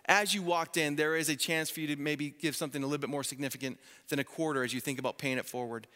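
A man in his thirties delivers a sermon from a church stage, his voice bright and a touch high. He tells stories with animation and slips into voices for the people he quotes. The sound carries a long reverb from the hall. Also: steady tone, fast talker. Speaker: pastor. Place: church sanctuary.

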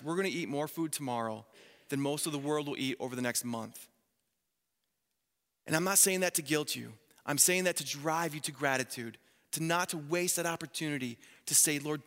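A man in his thirties preaching a sermon in a church, telling stories in an animated way and acting out the voices of people he quotes. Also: on the high side. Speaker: pastor. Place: church sanctuary. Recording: long reverb of a church hall.

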